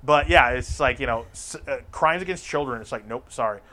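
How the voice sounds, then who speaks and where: A man's voice: medium pitch, a little fast, sharp tone. Profane, rambling male storyteller. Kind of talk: casual storytelling chat.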